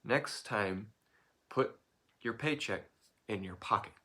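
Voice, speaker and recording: A man voicing an exasperated mother gently scolding her foolish son in a soft, sighing way. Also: lowish voice, takes it slowly.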